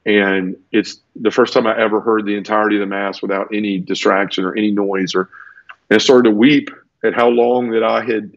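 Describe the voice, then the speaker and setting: A man's voice: lowish voice, flat delivery, fairly quick, creaky, no room sound, dull audio. A man earnestly telling his personal conversion story in a conversational interview, tumbling through it with restarts. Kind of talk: conversational testimony.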